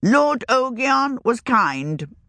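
Lady doing a sly old country witch, higher wavery voice, slow and earthy, dry close sound. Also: sing-song, sharp tone, dry recording, heavily acted. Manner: rustic old-fashioned country speech. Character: old village witch woman, shrewd and earthy. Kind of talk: audiobook reading.

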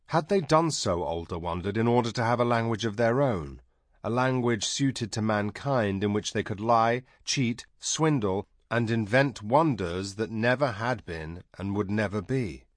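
A male audiobook narrator reads a script in a measured, low voice. The recording is dry and studio quality.

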